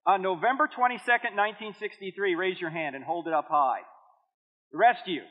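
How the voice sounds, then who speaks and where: Lively high-voiced guy in his 50s, church seminar, echoey hall, sounds like a phone line. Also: a little fast. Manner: animated storytelling with jokes and acted dialogue. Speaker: Christian apologetics speaker.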